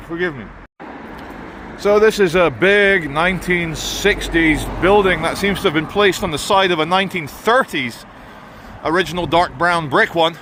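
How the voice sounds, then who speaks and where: A man with a British English accent doing a walking vlog outdoors on a town high street, ranting sardonically with wry asides. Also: normal speed, a bit bright, slight background noise. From England. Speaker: vlogger.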